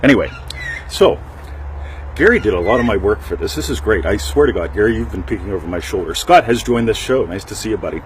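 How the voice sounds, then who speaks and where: A middle-aged man with a fairly low voice rambles through a casual talk show, joking and checking in with his listeners. Faint street noise and passing traffic sit in the background. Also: animated, fast. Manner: rambling, joking, with frequent "right?" asides. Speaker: podcast host.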